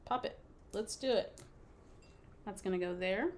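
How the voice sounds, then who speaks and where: This is casual crafting chat from a woman hosting a scrapbooking livestream, laughing often and teasing viewers as she goes. She speaks unhurriedly in a slightly mellow mid-range voice over slight background noise.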